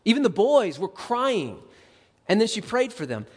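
A man preaching a sermon as a pastor, conversational and animated, acting out quick asides. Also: high voice, big-room sound.

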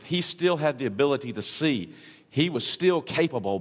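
Preaching man in an echoing church. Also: mid-range voice. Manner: preaching with rhetorical questions, swinging from soft to emphatic. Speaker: pastor. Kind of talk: sermon. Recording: long hall reverb.

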